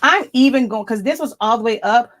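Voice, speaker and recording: A middle-aged woman who owns a small printing business chats casually while she works through a live craft demo. She thinks out loud and corrects herself mid-sentence. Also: on the high side, fairly quick. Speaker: small business owner demonstrating sublimation printing.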